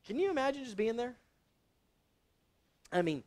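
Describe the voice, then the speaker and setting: A man preaching a sermon to young adults, telling the story in a casual, conversational way with sudden loud exclamations. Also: high voice, big pitch swings, moderate pace, long pauses, a little hiss or hum.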